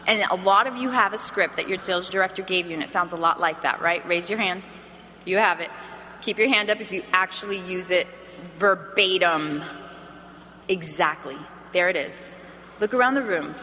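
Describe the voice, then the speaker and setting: A woman giving an energetic, animated sales training talk to an audience in a large hall, acting out phone calls as she goes. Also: fairly low pitch, brisk. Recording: reverberant hall, faint background noise.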